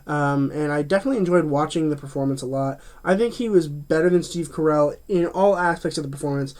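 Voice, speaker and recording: A man's voice: a little high, quick pace, darkish tone. A man giving a casual spoken movie review, chatty and full of fillers and restarts.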